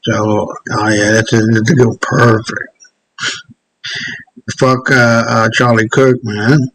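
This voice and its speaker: A man's voice: mid-range voice, level tone, takes it slowly, a bit bright, slight background noise, poor audio. Heated, swearing male commentary host. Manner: profane, heated, stops often to search clips. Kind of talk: casual rant commentary.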